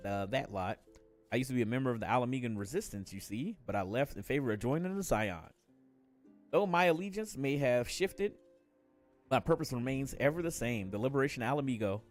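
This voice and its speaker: A man's voice: medium pitch, lively intonation, brisk, faint music behind, lightly acted. A man reading aloud as an earnest male former resistance fighter in a video game, speaking formally and stumbling over a few words.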